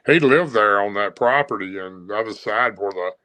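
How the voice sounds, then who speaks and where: Southern man, guest storyteller, rambling with lots of fillers, forceful voice, dry sound. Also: fairly low pitch, normal speed, dry recording, low-quality recording. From Tennessee. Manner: rambling, with many fillers and restarts.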